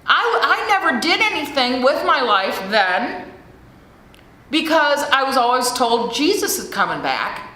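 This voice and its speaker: This recovery share comes from a middle-aged American woman with a high, very animated voice, pushed and bright yet unhurried. She's frank and profane, speaking into a podium mic, and the big hall sounds echoey with faint background noise.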